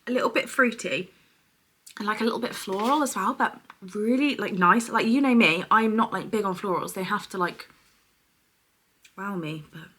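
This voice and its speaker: A young woman chatting effusively through a product unboxing, sometimes dropping to a hushed voice. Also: mid-range voice, normal speed. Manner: chatty and effusive, often dropping to a soft hush over products. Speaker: beauty vlogger. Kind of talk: casual unboxing chat.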